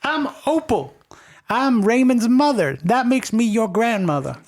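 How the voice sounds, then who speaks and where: A welcoming old grandmother from the farm, put on by a man running a tabletop game. Her voice sits high and folksy, loud and bright with feeling. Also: animated, a little slow, exaggerated voice. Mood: tearful, joyful.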